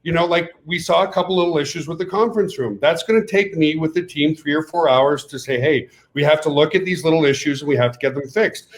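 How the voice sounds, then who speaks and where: A middle-aged French Canadian man, a native French speaker, hosting a video call with a rambling, animated sales pitch that keeps breaking into laughter. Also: fast, few pauses. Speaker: company CEO hosting a call.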